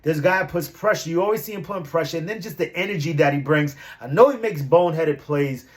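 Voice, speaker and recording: A young man talking sports as a fan vlogger, in a loose, slangy, rambling way that jumps into hyped shouts. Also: on the high side, fast talker. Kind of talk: casual fan commentary.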